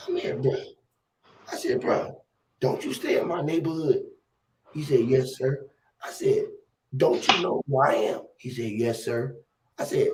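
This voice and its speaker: A man hosting a casual conversation, telling animated, profane stories and acting out the quotes loudly. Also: medium pitch, moderate pace, a little hiss or hum.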